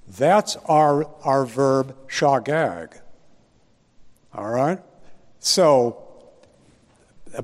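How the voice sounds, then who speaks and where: A man teaching a Bible study lecture, deliberate and posing rhetorical questions to his listeners. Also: a little high, a little mellow, in a large hall.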